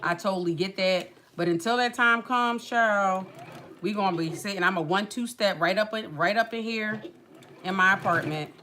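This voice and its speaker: Brief: woman livestream host, bright tone, chatty venting with lots of acted quotes. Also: mid-range voice, moderate pace, slight background noise. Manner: animated, colloquial storytelling with acted quotes and sighs. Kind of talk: casual chat, venting story.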